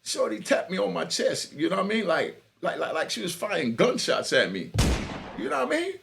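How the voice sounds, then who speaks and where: Brisk, creaky and very animated, a high-pitched New York man who hosts a channel spins a bawdy, bragging street tale as a casual monologue, with background noise in the recording. Frequent laughter, stumbling restarts and repeated "you know what I mean" run through it.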